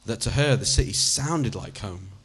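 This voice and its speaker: Husky man reading a story. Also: fairly low pitch, expressive, normal speed, a bit bright. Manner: second-person narration, conversational, swearing. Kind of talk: audiobook reading.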